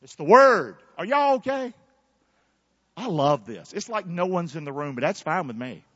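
A man preaching a fervent sermon in a church, shouting call-and-response lines to the congregation. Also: a little high, sing-song, normal speed, no room sound, muffled recording. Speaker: pastor. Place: church sanctuary.

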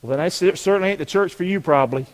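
Preacher shouting in a church hall. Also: male voice, sits high, very fast. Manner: preaching with call-and-response, rising to shouts. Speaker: pastor. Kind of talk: sermon. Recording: long hall reverb.

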